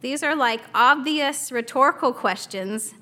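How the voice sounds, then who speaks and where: A woman's voice: sits high, unhurried, bright, forceful tone. A woman in her thirties teaching a Bible study in a chatty, casual way, laughing often and acting out a toddler's small voice.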